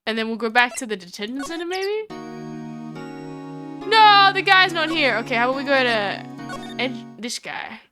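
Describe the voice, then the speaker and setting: Young female streamer, high bright voice, excitable and chatty, faint music behind. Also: normal speed, long pauses. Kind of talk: live game stream, reading dialogue aloud.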